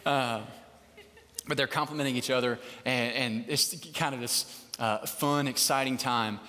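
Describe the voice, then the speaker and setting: A man's voice: mid-range voice, steady tone, unhurried, sharp tone. A man preaching a casual, conversational sermon to a live crowd, chatty and joking, often checking in with the listeners. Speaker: pastor. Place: large hall, live service. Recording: long hall reverb.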